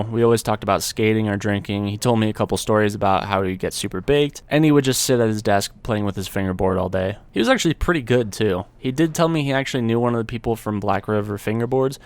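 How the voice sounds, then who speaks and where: A man's voice: fairly low pitch, fast talker, hardly any pauses. A young adult man telling a story from his own life in a casual, laid-back way, with slang and the odd swear word.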